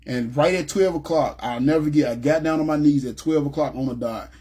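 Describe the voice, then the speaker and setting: A man from Memphis telling his personal testimony in a rambling, animated way and often asking "you know what I'm saying". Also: fairly high pitch, brisk, slightly rough. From Memphis, USA. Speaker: ministry speaker giving testimony.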